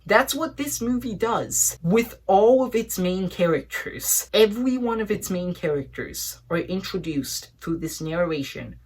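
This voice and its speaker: A woman's voice: fairly low pitch, husky. A woman giving a casual, emphatic movie review, often exasperated and full of "like" and repeated words.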